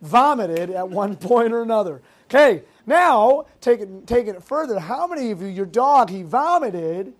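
A youth pastor from Massachusetts preaching to teenagers, telling stories in a lively way with fillers and quick asides. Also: mid-range voice. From Massachusetts, United States. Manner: lively storytelling with fillers and self-interrupting asides. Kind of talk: youth group sermon.

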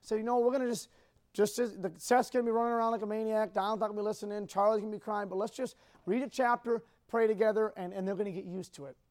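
A man speaking to a group, telling a personal story in a rambling, halting, emotional way. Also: sits high, steady tone, darkish tone.

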